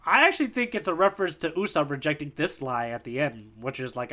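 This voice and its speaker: A man's voice: fairly high pitch, fast, bright, forceful tone. A man co-hosting a podcast, recapping a manga chapter in loose, casual talk full of asides.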